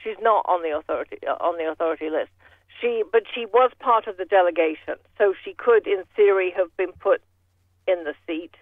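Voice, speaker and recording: A man's voice: sits high, brisk, no echo. A man giving casual political commentary with a rambling, sardonic manner, full of restarts. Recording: tinny phone line.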